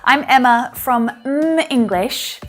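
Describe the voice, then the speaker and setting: A woman's voice: sits high, expressive, slow pace, fairly bright tone, soft background music. An Australian woman with an Australian accent, giving a friendly English lesson on YouTube and laughing now and then. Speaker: English teacher.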